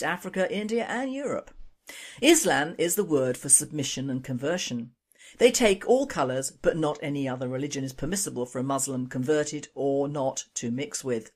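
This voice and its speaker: A woman hosting a radio opinion news show, scornful and sardonic. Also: sits low. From Britain.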